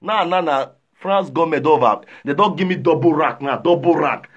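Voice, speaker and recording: High, bright Nigerian man streaming live. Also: normal speed, gravelly, few pauses, husky, muffled recording. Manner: animated, often shouting and laughing, repeating phrases. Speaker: live streamer reading viewer comments. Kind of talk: casual live-stream chat.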